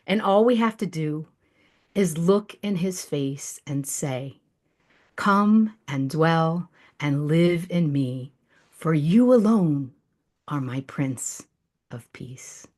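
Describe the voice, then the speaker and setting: A woman reading her own rhyming devotional poem slowly and softly over a video call. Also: low-pitched, lively intonation. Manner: slow, hushed rhyming recitation. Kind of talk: recited devotional poem, then casual chat.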